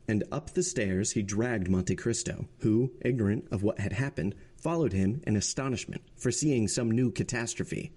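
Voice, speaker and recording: A man hosting a podcast, reading a classic novel aloud in a steady, expressive narration. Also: fairly low pitch, moderate pace, hardly any pauses. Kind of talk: audiobook-style narration.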